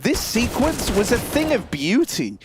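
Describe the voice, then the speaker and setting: A man's voice: very high-pitched, big pitch swings, measured pace, background noise. A man casting live esports play-by-play, exclamatory and hyping the big plays. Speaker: esports commentator.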